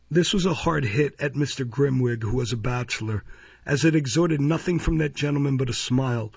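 Gravelly, husky male audiobook narrator. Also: medium pitch, moderate pace, darkish tone, dry recording. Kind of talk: scripted narration. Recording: dull lo-fi recording.

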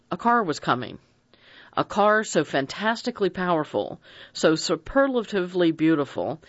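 A narrator reading a mystery novel aloud in an expressive, dramatic audiobook style. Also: mid-range voice, no room sound. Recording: dry dull lo-fi recording.

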